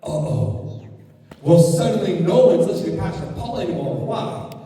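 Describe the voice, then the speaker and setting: Playful guy teaching storytelling, high mellow voice, booming around a big hall from afar. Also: fairly quick. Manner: animated, playful, lots of voice changes. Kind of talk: workshop talk with acted storytelling. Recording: echoey hall from far off.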